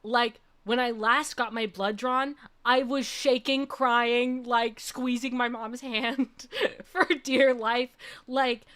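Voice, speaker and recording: Young woman streamer, slightly high voice, chatty storyteller who keeps laughing and asks "okay?". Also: takes it slowly, clear, resonant tone. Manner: animated, laughs often, says "okay?" a lot. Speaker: VTuber streamer. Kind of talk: casual storytelling.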